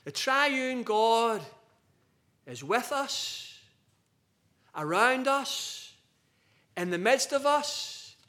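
A man preaching a sermon to a group of men, slow and emphatic, with big swings between loud and soft. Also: very high-pitched, very animated.

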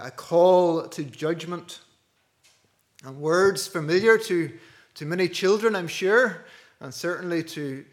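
A man preaching a sermon earnestly, dropping to a hush and rising to loud stresses. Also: fairly high pitch. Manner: earnest, with wide swings between hushed and loud.

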